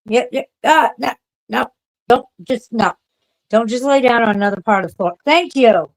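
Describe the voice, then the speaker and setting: A woman's voice: fairly high pitch, normal speed, poor audio. Swearing, ranting woman streamer. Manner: profane ranting, yelling at her pets. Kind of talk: casual livestream chat.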